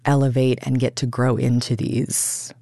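A woman stage actor speaks in an animated, expressive way, slipping into little acted-out quotes. Her voice carries a gravelly edge, and the studio sound is dry and close. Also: extremely low pitch, measured pace, no echo. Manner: animated, laughing, acts out quotes. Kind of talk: radio interview conversation.

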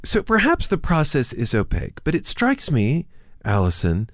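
Man host with a very lively pitch. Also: normal speed, dry recording, studio quality. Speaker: radio host. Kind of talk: radio interview conversation.

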